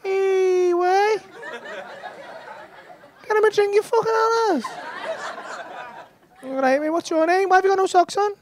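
Sweary comedian doing crowd work. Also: male voice, very high-pitched, a little slow, long pauses. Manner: cheeky, sweary banter with audience members. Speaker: stand-up comedian. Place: comedy club stage. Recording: live club with audience laughter.

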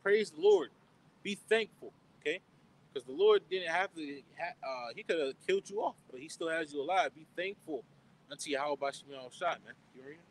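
A man's voice: fairly high pitch, animated, fairly quick, slight background noise, rough recording. Preacher tacking "man" onto every line. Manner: calls out "man" and "okay?" after nearly every line; asks questions and answers them himself. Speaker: preacher leading a street Bible study. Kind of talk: informal outdoor Bible teaching.

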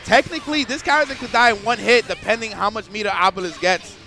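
A man doing live commentary on a fighting game match, excitable and swearing freely, breaking into shouts. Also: sits high, quick pace, vocal fry, faint music behind.

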